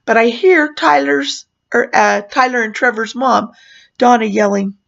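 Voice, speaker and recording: A woman's voice: on the high side, a little slow, creaky, a bit bright. A woman who performed as a clown, chatting through a personal story with fillers and small laughs. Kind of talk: casual spoken memoir. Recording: muffled lo-fi recording.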